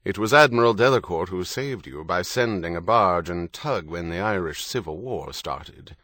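A pushy, evasive official explains things in a smooth, matter-of-fact way, as a narrator voices him. The voice is low and close, in a dry room. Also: male voice, lively intonation, normal speed, sharp tone, dry recording, full character voice. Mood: formal.

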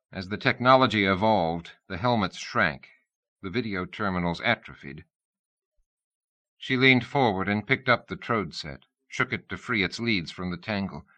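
A man reading an audiobook in steady, even storytelling narration. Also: on the low side, muffled recording.

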